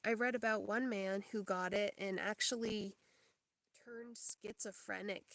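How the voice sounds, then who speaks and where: A woman's voice: mid-range voice, steady tone, a little slow, a bit bright, no room sound. A young woman hosting a livestream, chatting casually in a rambling way, full of fillers and small laughs. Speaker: livestream host. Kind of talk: casual chat.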